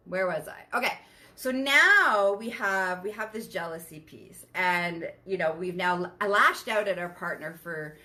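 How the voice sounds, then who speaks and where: Bright-voiced woman hosting a podcast. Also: fairly low pitch. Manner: emphatic, frank, swears, checks in with listeners. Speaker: podcast host. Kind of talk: casual podcast monologue.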